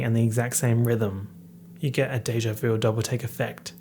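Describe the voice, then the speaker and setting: A man in a mid-range voice hosts a casual podcast and picks apart rap lyrics line by line. He reads each lyric aloud, then riffs on it with a playful, animated edge. A faint hum sits under his voice. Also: medium pitch, brisk. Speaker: podcast host.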